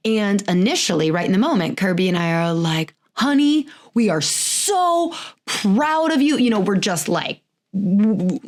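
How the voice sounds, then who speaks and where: A woman in her thirties hosting a podcast, talking in a chatty, rambling way, with frequent "like"s and little laughs. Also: on the low side. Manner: laughs often while talking. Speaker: podcast host. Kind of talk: casual chat.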